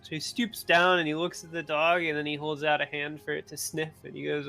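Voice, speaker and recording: A man narrating as game master of a tabletop game in a relaxed, rambling way. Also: a little high, fairly quick, vocal fry, few pauses, faint music behind. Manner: relaxed, rambling, with filler words.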